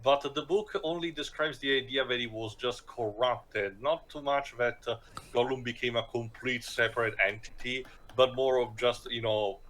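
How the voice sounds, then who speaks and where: A man giving casual film commentary, explaining details with many fillers and halting restarts. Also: medium pitch, steady tone, a bit bright, a little hiss or hum, rough recording. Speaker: podcast co-host.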